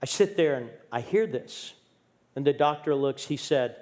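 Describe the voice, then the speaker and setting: A man's voice: mid-range voice, animated, normal speed, darkish tone. A middle-aged man preaching in a church, telling a personal story with humor and candor. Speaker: guest pastor. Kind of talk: storytelling sermon.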